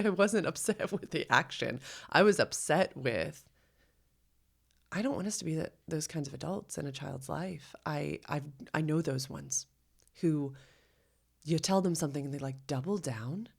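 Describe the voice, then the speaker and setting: A woman with a low, gravelly voice co-hosts a podcast in casual, heartfelt conversation. She talks earnestly and reflectively. She often acts out her own quoted thoughts. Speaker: podcast co-host.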